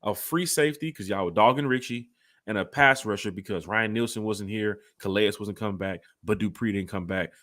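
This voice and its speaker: A man's voice: lowish voice, brisk. A man hosting a sports fan podcast in casual, rambling talk aimed at his co-host. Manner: animated, rambling, talks straight to his co-host.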